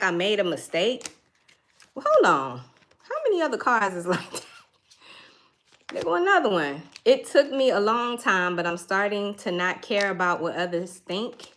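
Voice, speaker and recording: A woman's voice: mid-range voice, fairly bright tone. A woman giving a casual tarot reading, thinking aloud in a chatty way and laughing now and then. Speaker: tarot reader.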